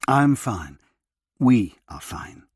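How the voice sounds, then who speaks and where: A man voicing a brisk, caring young woman who keeps a household in order. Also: mid-range voice, sing-song, breathy edge, no echo, clean studio sound, exaggerated voice. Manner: brisk, motherly.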